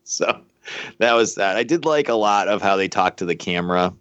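A man with a very low voice chats casually, loose and rambling, stumbling over fillers. The sound is dry and a bit dull, with no room around it. He talks like a podcast co-host easing through a conversation. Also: lively intonation, normal speed, a bit bright, dry recording. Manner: laid-back, rambling, hesitant with many fillers. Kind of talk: casual chat.

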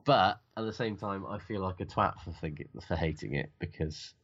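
A man's voice: sits low, normal speed, fairly bright tone, breathy edge, dull audio. A middle-aged man, co-hosting a podcast in sweary, grumbling casual banter. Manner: sweary, laughs often, dry grumbling. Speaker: podcast co-host.

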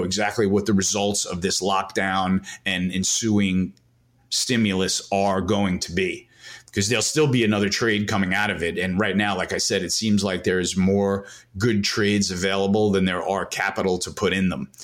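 Podcast guest, male, lowish voice, animated and emphatic, filler-heavy casual delivery. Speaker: macro analyst guest. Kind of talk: conversational podcast commentary.

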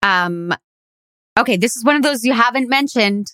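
A woman co-hosting a casual podcast chat, eager and animated, often laughing as she quizzes her friend. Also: on the high side, normal speed, no echo, clean studio sound. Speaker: podcast co-host.

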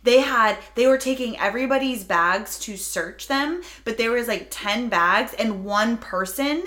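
A woman in casual chat, excitably telling a story, emphatic and exaggerating. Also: a little high, a little slow.

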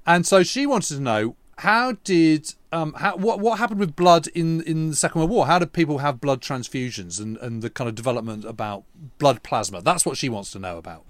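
A man's voice: a little high, animated, brisk, hardly any pauses, dry recording. A man co-hosting a podcast, chatting enthusiastically about history in eager bursts. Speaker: podcast co-host. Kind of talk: casual history chat.

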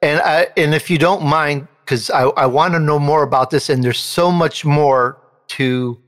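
A male show host telling a personal story in an interview, animated, and he jumps up in pitch when he quotes someone. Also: measured pace, long reverb tail.

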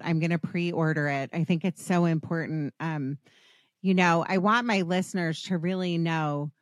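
Woman podcast host, gushy and rambly, lowish voice, dry close mic. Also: dry recording. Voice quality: earnest, gushing, gets emotional. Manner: rambling, many restarts and fillers. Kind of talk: casual interview chat.

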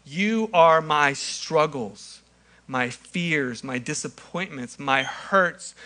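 A young adult male pastor preaching a sermon, acting out scenes with animated storytelling. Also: on the high side.

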